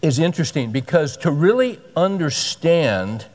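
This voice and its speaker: A pastor with a high-leaning, very animated, slightly slow and somewhat mellow male voice preaches a sermon conversationally and emphatically, often repeating himself for stress. The recording carries long hall reverb.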